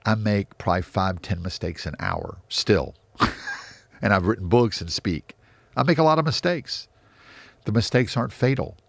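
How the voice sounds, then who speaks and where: A man's voice: lowish voice, animated, normal speed, creaky, no room sound. A middle-aged man, a real estate investor, answering interview questions in an emphatic, motivational way that repeats key phrases.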